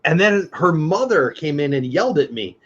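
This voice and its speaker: A man co-hosting a casual watch-party chat, telling blunt, animated work stories. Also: on the high side, moderate pace, slightly rough. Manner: blunt, animated storytelling with quoted voices. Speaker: co-host. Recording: dull lo-fi sound.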